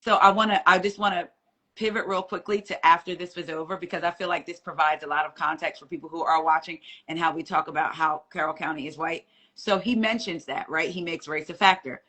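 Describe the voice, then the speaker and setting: Woman, low-ish voice, chatty live-stream guest, lively storyteller who mimics quoted voices. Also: brisk. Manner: animated retelling, acting out quoted voices. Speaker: guest courtroom reporter.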